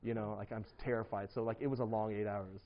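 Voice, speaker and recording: A man's voice: on the low side, fast talker. Guy preaching a sermon, rambly storytelling, fillers everywhere, kinda muffled recording. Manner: animated storytelling, lots of fillers and laughter.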